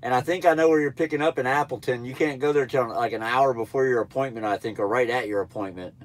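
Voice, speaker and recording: Brief: stuffy-nosed man, nasal, loose and blunt, mid-pitched, live-stream chatter. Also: fast. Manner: laid-back, rambling, blunt. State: stuffy nose. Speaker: truck driver trainer livestreaming. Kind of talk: casual live-stream chat answering viewers.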